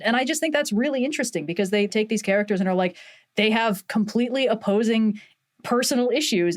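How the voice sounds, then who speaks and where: A woman talking casually and enthusiastically on a podcast, animated and swearing now and then. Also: fairly high pitch. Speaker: podcast guest.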